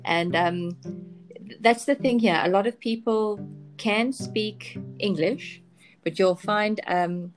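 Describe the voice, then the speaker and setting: A woman chatting as a podcast guest, candid and hesitant, with many pauses and restarts. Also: mid-range voice, faint music behind. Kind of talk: casual podcast chat.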